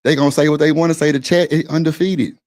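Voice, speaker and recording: A man's voice: a little high, steady tone, fast talker, a little mellow. A man hosting a live-stream panel, arguing his point in a blunt, profane, insistent way. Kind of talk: heated casual argument.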